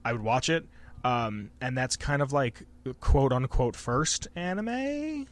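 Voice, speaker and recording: A man's voice: mid-range voice, lively intonation, slow. A man hosting a podcast in casual chat, rambling and swearing freely. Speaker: podcast host.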